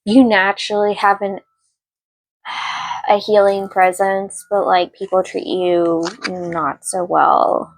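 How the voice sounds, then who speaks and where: A woman's voice: mid-range voice, flat delivery, slow pace, no echo, low-quality recording. A young woman giving a casual, rambling tarot reading with lots of fillers. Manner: rambling, chatty, many fillers; yells at barking dogs mid-reading. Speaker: tarot card reader.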